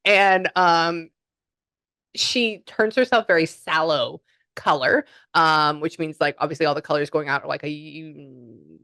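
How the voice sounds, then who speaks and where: A woman with a slightly low voice gives a casual spirit reading. She rambles on with many "um"s and "like"s. The sound is close and dry. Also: a little slow, creaky, bright, forceful tone, no echo. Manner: chatty, rambling, many fillers. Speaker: psychic medium.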